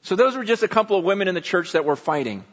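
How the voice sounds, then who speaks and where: A man preaching a sermon in a church, conversational and animated, often acting out voices from the text. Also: sits high, rapid-fire. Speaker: pastor. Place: church sanctuary. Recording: muffled hall recording with long reverb.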